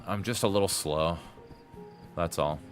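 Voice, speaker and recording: A man's voice: deep voice, a little slow, faint music behind. A man giving chatty live-stream commentary on a game, rambling and slipping in puns.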